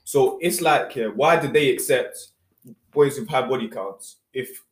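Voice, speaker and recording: A young man in a casual podcast chat, defensive but calm. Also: mid-range voice, a little slow, echoey room.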